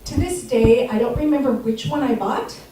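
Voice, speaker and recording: A woman's voice: a little high, expressive, moderate pace, background noise. A woman in her sixties doing a stand-up set, chatty and laughing at her own lines. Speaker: stand-up comic. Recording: echoey theater, distant mic, audience.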